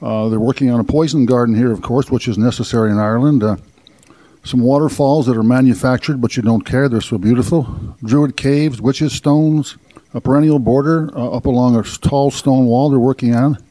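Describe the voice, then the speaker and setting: Brief: male radio host, mellow tone, folksy and joking, gardening show on location. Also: medium pitch, a little fast. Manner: folksy, jokey, self-deprecating. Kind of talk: radio interview and presenting. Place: outdoor castle gardens.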